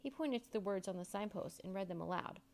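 A woman reads a children's story aloud with lively, animated pitch. Her voice has a gravelly fry to it, and her telling is expressive throughout. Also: fast, a little hiss or hum. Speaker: narrator. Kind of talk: storybook narration.

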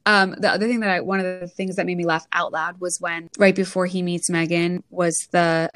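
A woman co-hosting a podcast, talking in a chatty, animated way and breaking into laughs. Her voice sits a little low and sounds close and dry, with no room around it. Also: moderate pace, no echo. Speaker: podcast co-host. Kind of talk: casual chat.

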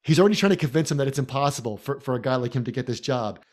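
A man co-hosting a podcast who analyzes a film in a casual way and walks through scenes in lively detail. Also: mid-range voice, rapid-fire. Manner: animated storyteller, recounts scenes in detail. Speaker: podcast co-host.

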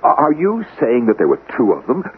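A jittery man of means in a vintage radio play, stammering and panicky. His voice leaps wildly up and down in pitch. It comes through thin and tinny, with faint hiss over an old recording. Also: wildly swooping pitch, brisk. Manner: nervous, stammering, frantic. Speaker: wealthy employer. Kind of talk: vintage radio drama acting.

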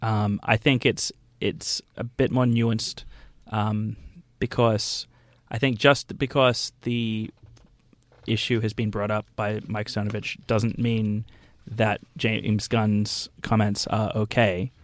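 A man's voice: on the low side, little pitch movement, slow, no echo. A man on a radio panel discussion who makes his points bluntly and argumentatively.

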